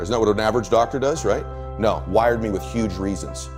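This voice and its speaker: A middle-aged man with a very deep voice tells motivational stories with emphatic force. He acts out the people he quotes as he goes. Faint music sits behind him. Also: a little fast. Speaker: interview guest, coach. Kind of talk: motivational interview talk.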